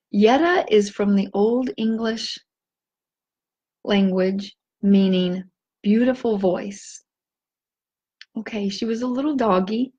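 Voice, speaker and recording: A woman telling a personal story in a gentle, halting way, teary and with her voice breaking. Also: on the high side, slightly rough. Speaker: vlogger sharing a personal story.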